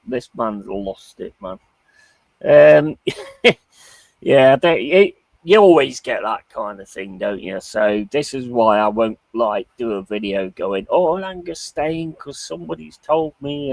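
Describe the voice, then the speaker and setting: A man's voice: on the low side, expressive, takes it slowly, no echo, low-quality recording. A British man hosting a live stream, chatting casually, reading out chat comments, swearing and laughing easily. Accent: British English. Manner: laid-back, swears, laughs often, reads chat aloud. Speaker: streamer host. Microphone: streaming mic.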